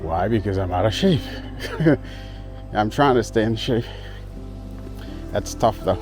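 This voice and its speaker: Over music, a man with a fairly low, expressive voice talks a little slowly while hiking a rural trail and catching his breath. He's laid-back, laughs often, and says hello to locals in this handheld casual travel vlog.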